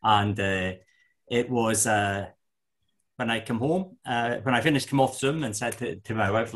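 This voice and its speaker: An older man with a Scottish accent giving an enthusiastic, halting lecture to a parish group as a guest speaker. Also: medium pitch, a bit bright. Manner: enthusiastic, halting with fillers and restarts.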